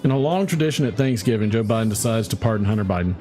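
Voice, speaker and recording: A man's voice: lowish voice, expressive, racing, dark tone, faint music behind. Man reading bar jokes on a podcast. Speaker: podcast co-host. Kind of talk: casual chat, reading jokes aloud.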